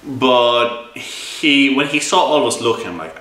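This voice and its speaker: Animated and speaking at a measured pace, an Irish man who reviews games and runs them as game master recounts a long, exasperated tale about a tabletop game, restarting and repeating words often. His mid-range voice sounds pushed and bright, picked up from afar in an echoey room during this casual review.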